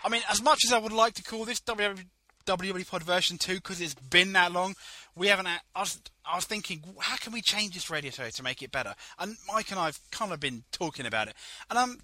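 A man's voice: sits high, animated, a little fast, sharp tone, dry recording. A young man co-hosting a podcast in casual, rambling chat, laughing often. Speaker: podcast co-host.

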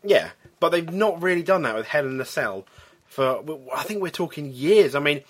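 A man co-hosting a podcast in casual chat. He rambles through long runs with animated bursts, and his voice sits a little high. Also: normal speed. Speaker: podcast co-host.

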